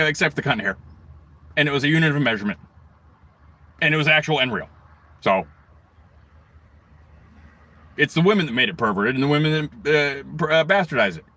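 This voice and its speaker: A man's voice: mid-range voice, bright, forceful tone. A middle-aged man from the United States hosting a livestream, ranting in a rambling, profane way, swearing heavily and jumping between tangents. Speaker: livestream host.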